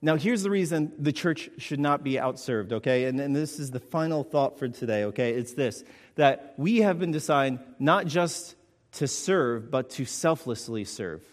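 Guy preaching, fairly high voice, keeps asking "okay?", big echoey hall. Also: lively intonation, moderate pace. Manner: emphatic, repeats points with "okay?" checks. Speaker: pastor. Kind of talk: sermon.

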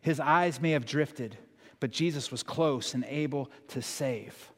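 A man's voice: mid-range voice, unhurried. A male pastor preaching a sermon in an earnest, conversational way, asking the congregation questions. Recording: long church hall reverb.

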